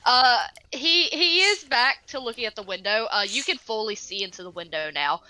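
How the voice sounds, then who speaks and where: Brief: woman game master, unhurried, bright tone, halting delivery, dry close mic. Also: a little high, expressive, dry recording. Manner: halting, restarts often, laughs easily. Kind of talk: narrating a tabletop game.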